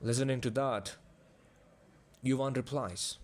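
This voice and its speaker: A man narrating a fantasy audiobook, reading aloud at a measured pace. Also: medium pitch, a little mellow. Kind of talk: storybook narration.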